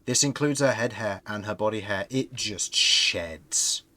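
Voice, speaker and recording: A man's voice: fairly low pitch, a little slow, bright, forceful tone. A man narrating as game master of a tabletop game, describing scenes with frequent restarts.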